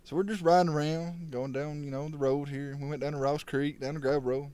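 Speaking briskly in a fairly high, mellow, clean voice with little pitch movement, a young man co-hosts a casual podcast. He's a rowdy storyteller, spinning wild tales, laughing, and performing other people's quotes.

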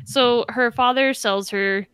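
Woman podcasting, chatty and sweary, smooth clear voice, dry close sound. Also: on the high side, takes it slowly, no echo. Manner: animated, profane, mocks characters in exaggerated voices. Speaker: podcast co-host. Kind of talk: casual chat.

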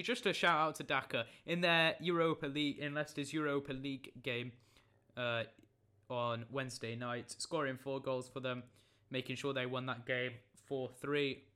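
Young guy, loose football recap, bright tone and slightly high. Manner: jokey, rambling, self-correcting. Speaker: football vlogger. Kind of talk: casual match recap.

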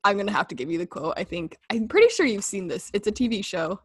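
A woman's voice: mid-range voice, sing-song, brisk, hardly any pauses, no room sound, studio quality. A young woman chatting casually and gushing with giggles while playing an impression game. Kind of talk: casual chat.

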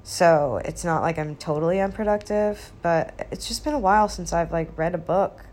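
A woman in her twenties chatting casually as a vlogger, stoned and laid-back, with vocal fry in a rambling, quiet delivery. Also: lowish voice, moderate pace. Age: 20s. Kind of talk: casual chat.

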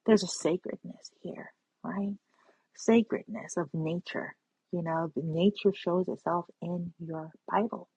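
A woman's voice: lowish voice, fairly even intonation, measured pace, gravelly, mellow, breathy edge, no room sound. A woman giving an earnest, spiritual personal monologue, often checking in with "right?" and "you know". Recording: dull lo-fi sound.

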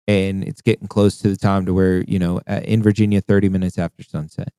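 A man hosting a casual podcast, cursing often and reliving a hunting trip in a lively, laughing way. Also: low voice, fairly quick, clear, resonant tone, dry recording. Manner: profane, animated retelling with acted quotes. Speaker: podcast host. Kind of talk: casual storytelling chat.

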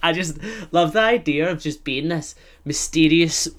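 A man's voice: on the high side, moderate pace. A young man with a Scottish accent, hosting a podcast in rambling casual chat, full of filler words. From Scotland. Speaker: podcast host.

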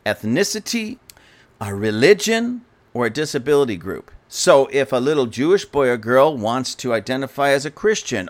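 A man's voice: medium pitch, very animated, moderate pace. A man giving an indignant, sarcastic political commentary rant, speaking scornfully to his audience.

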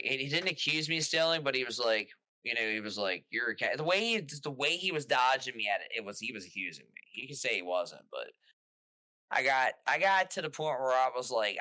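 A man telling stories as a podcast guest in casual chat, rambling and animated, restarting often. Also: medium pitch, clear, resonant tone, no room sound.

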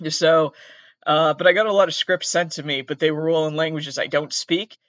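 A man's voice: fairly high pitch, steady tone, normal speed, a bit bright, no echo, muffled recording. A young man hosting a podcast, rambling in a casual, jokey, self-mocking way, talking into a laptop mic. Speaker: podcast host.

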